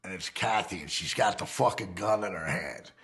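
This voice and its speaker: A documentary interviewee by a fireside, this man has a deep voice, moderate pace, and fairly bright tone. He tells a wild story from his past in casual, profane street talk, often checking in with "right?"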